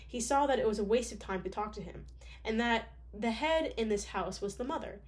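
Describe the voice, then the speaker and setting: A woman's voice: on the high side, a little fast. A woman reading a classic novel aloud in a casual way, with joking asides, occasional stumbles and a sick voice. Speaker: audiobook reader.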